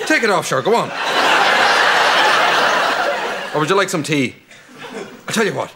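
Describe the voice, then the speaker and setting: An actor playing a dim, innocent young Irish priest who blurts things out simply. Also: male voice, on the high side, very animated, fast talker. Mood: clueless. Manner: naive, blurting, simple-minded. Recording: noisy TV sitcom audio.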